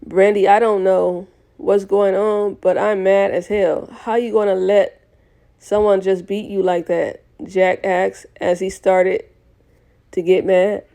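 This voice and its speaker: A woman's voice: medium pitch, little pitch movement, slow pace, warm tone. A young woman reading a novel aloud in a casual way, often correcting herself and restarting lines. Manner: reads with frequent self-corrections and restarts. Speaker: audiobook reader.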